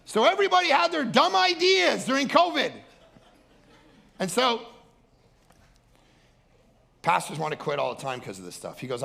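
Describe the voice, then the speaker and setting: Bright, gravelly-voiced animated male pastor. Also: extremely high pitch, moderate pace, long pauses. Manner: animated, loud, acts out other people's voices. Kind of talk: energetic sermon.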